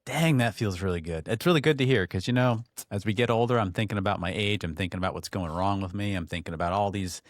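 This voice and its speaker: A man with a low voice chatting in an easygoing, friendly way as a podcast co-host. The sound is close and dry. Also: quick pace, few pauses, dry recording. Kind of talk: casual chat.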